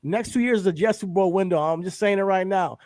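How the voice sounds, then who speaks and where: Man, high voice, dry close sound, boastful sports banter, repeats himself. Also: fast talker, darkish tone, no echo. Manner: boastful, hypes his team, repeats himself. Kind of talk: casual sports chat.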